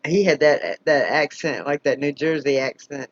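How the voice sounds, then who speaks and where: A man's voice: on the high side, normal speed, no room sound, highs cut off. A man chatting casually on a live stream, commenting on police radio traffic with frequent laughter and a tired manner. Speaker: scanner stream host.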